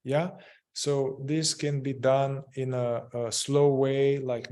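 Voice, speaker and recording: Male group facilitator, mid pitch, unhurried and halting, full of "uh" and restarts. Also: little pitch movement, warm tone, clear, resonant tone. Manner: hesitant, many fillers and restarts. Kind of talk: guiding a group in therapeutic inquiry.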